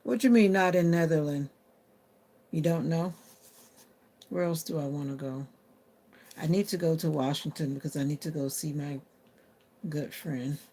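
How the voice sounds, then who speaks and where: Speaking at a moderate pace with frequent pauses, a woman with a deep, warm voice responds aloud to comments during a casual livestream. At times she addresses her phone assistant.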